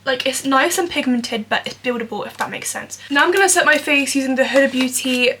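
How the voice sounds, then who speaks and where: Chatty woman, high voice. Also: a little fast, bright, forceful tone, breathy edge. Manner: chatty, filler-heavy, candid. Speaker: vlogger. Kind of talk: casual makeup tutorial talk.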